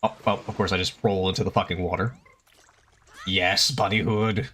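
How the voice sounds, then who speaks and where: A man's voice: sits low, steady tone, moderate pace, fairly bright tone. A young man casually commenting while he plays a video game, chatty and swearing freely, talking to his chat and to the game. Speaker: streamer. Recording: faint game music behind.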